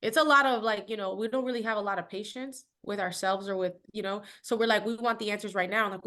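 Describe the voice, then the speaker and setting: A woman's voice: mid-range voice, steady tone, fast talker, hardly any pauses, sharp tone. A woman guest on a podcast, chatting in a reflective, casual way with plenty of fillers. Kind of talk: casual interview chat.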